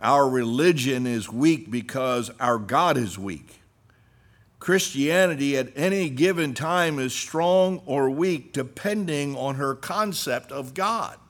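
A man preaching a sermon, reading scripture aloud and swinging from quiet low passages to loud, emphatic climaxes. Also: lively intonation, slow. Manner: preaching, rising to loud emphatic peaks then dropping low; reads scripture in old-fashioned biblical phrasing.

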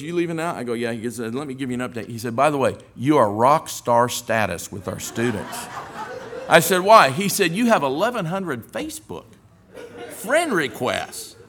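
An older man preaching a sermon, telling folksy stories with humor and rising to forceful emphasis on scripture. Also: mid-range voice. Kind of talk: sermon with storytelling.

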